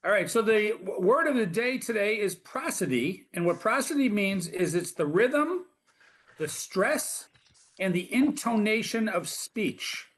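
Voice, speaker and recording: High-voiced male co-host, playful and joking in live workshop banter. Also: expressive, a little slow, a bit bright. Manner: joking, asks playful questions.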